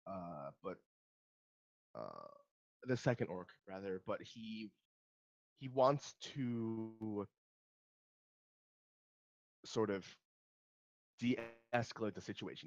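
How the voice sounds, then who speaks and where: Low-voiced hesitant male game master. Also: dull audio. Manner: hesitant, many ums and restarts. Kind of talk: narrating a tabletop game.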